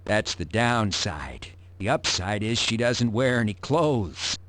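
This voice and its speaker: An actor playing a sardonic male tavern regular in a video game, with a dry, deadpan delivery. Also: on the low side, slow pace, no room sound.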